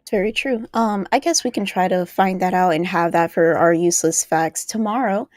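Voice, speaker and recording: A woman's voice: on the low side, normal speed, a little mellow, no room sound, soft background music. A woman co-hosting a live stream, reading trivia with hesitant ums and snapping back at insults. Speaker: co-host presenting facts.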